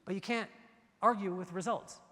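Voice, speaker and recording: A man giving a motivational keynote speech, telling stories in an animated way and acting out the dialogue. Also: sits high, moderate pace, in a large hall. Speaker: keynote speaker. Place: large event hall.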